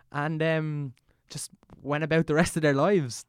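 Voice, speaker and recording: A man's voice: a little high, normal speed, hardly any pauses, clear, resonant tone, no echo. An Irish man casually telling a story on a podcast, rambling with many fillers and frequent laughter. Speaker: podcast co-host. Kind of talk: casual chat.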